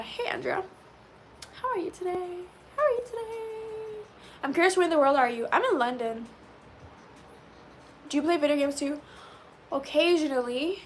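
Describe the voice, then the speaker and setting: A young woman with a bright, high voice chats away to her livestream audience. She answers viewers' questions loosely and animatedly, dropping "like" into nearly every thought. A faint hum sits behind her. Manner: chatty and animated, says "like" often. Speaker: livestreamer reading chat. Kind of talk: casual chat with live viewers.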